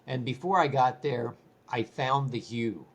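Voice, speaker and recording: An older man, a guest on an interview show, telling stories in a lively, casual way. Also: mid-range voice, measured pace, slight background noise. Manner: animated, repeats words while telling stories.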